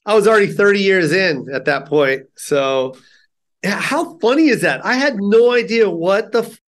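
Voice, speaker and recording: In a relaxed interview, this middle-aged comedian spins animated stories at a moderate pace in a high voice, slipping into character voices for everyone he quotes.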